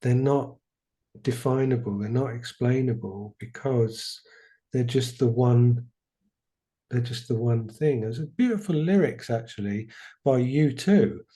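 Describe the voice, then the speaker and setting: A man's voice: medium pitch, unhurried, dark tone. A man hosting a spiritual podcast, speaking thoughtfully and searching for his words as he explains ideas. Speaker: podcast host. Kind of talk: reflective spiritual conversation.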